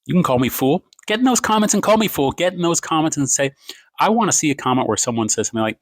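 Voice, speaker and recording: A man ranting to his phone camera at home late at night, rambling and self-mocking, swinging his pace and pitch for emphasis. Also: expressive, quick pace, no echo. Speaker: TikTok creator.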